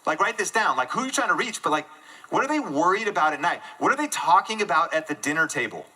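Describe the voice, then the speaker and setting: A man giving an energetic live keynote talk to an audience in a room, joking at his own expense. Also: fairly high pitch, quick pace, rough recording. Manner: energetic and self-deprecating, jokes with the audience. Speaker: conference speaker.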